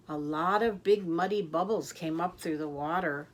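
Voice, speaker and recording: An older woman reading a children's picture book aloud in a lively, expressive way. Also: lowish voice, moderate pace, few pauses. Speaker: storyteller. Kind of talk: children's story read-aloud.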